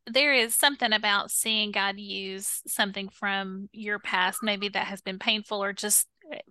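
Woman leading a bible study chat, bright voice, asks questions thoughtfully, dry mic. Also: medium pitch, steady tone, measured pace, no room sound. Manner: reflective, asks guiding questions. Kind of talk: conversational Bible study discussion.

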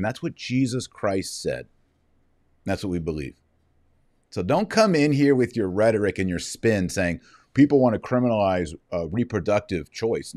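A man's voice: lowish voice, big pitch swings, normal speed, darkish tone, dry recording, studio quality. A man giving heated, preachy opinion commentary, fiery and sarcastic.

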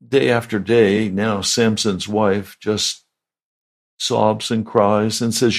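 Gravelly, husky male pastor preaching. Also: lowish voice, fairly even intonation, slow. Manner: storytelling, rising to emphatic peaks. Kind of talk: sermon retelling a Bible story.

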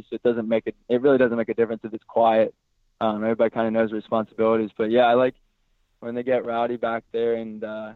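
A man's voice worn hoarse and raspy from yelling, relaxed and rambling. He is heard over a thin, phone-like line with a dry, close sound. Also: medium pitch, no echo. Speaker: goalkeeper guest. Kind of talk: casual interview.

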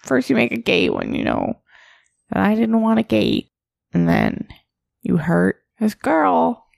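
A woman with a higher, heavily gravelly voice plays her character at a game table. Her pitch swings in a lively way as she teases and complains with theatrical flair. The recording sounds dry and close. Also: a little slow, dry recording. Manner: teasing, dramatic complaining. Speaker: player.

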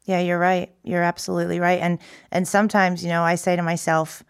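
A woman with a slightly low voice hosts a podcast conversation. She reflects out loud, rambling through her thoughts with plenty of fillers. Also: flat delivery, a little fast, smooth. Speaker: podcast host. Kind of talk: conversational interview.

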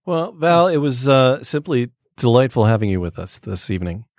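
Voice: medium pitch, very animated, moderate pace, a little mellow, dry recording, clean studio sound. A podcast host chatting casually and wrapping up a guest interview. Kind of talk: casual chat.

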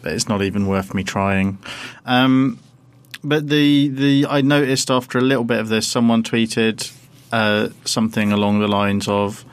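A man's voice: fairly low pitch, steady tone, unhurried, smooth, no echo. A man co-hosting a casual podcast, easygoing and wry, teasing his co-host. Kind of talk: casual chat.

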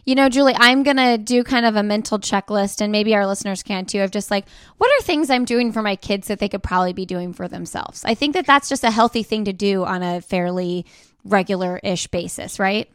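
A woman's voice: medium pitch, a little fast, smooth, no room sound, clean studio sound. A woman hosting a podcast interview, chatty and candid, often adding her own parenting experience. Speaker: podcast host.

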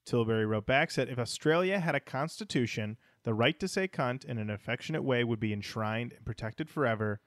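A man's voice: medium pitch, lively intonation, brisk, few pauses, fairly bright tone, no echo, clean studio sound. A man co-hosting a music podcast, reading listener comments aloud in a wry, casual way. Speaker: podcast co-host.

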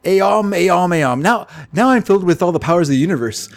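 A man's voice: high-pitched, expressive, fairly quick, vocal fry. A man voicing a pompous male mystic who speaks with a thick Canadian accent and draws out his pronouncements. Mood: grandiose.

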